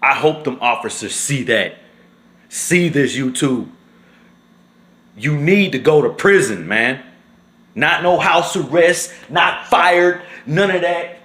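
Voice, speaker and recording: A man vlogging in an impassioned, emotional rant, his voice sitting a little high for a man. He keeps tagging his lines with "man". The sound bounces around a roomy space. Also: animated, slow, a bit bright. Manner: impassioned, repeats "man" often.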